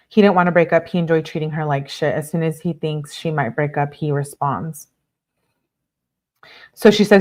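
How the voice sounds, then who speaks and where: A woman's voice: low voice, a little mellow. A woman commenting on a true crime case, reading text messages aloud with emphatic delivery and bleeping out her own swear words.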